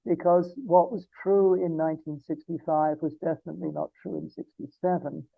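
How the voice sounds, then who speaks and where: Gravelly older Englishman on a phone line. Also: on the high side, flat delivery, normal speed, no echo. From England. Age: 70s. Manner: discursive and reflective, with frequent asides. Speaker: interview guest. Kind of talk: reminiscing interview answers.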